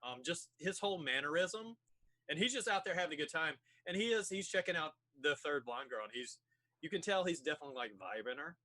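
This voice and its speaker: A man's voice: a little high, animated, a little fast, pushed and bright. Brief: man running a tabletop game, laid-back narration, lots of "like". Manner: casual, many fillers. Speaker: game master.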